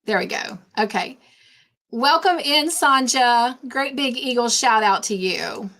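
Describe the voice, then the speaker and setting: A woman hosting a casual live stream, warmly greeting chat viewers by name and chatting between tasks. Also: on the high side, expressive, unhurried. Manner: warm, effusive greetings to chat viewers, easily sidetracked. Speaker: livestream host.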